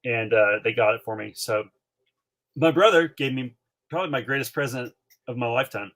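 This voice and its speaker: A man in his forties from North Carolina, co-hosting a podcast and telling a childhood story in an animated way, with many fillers. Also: mid-range voice, a little fast. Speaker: podcast co-host. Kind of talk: casual storytelling chat.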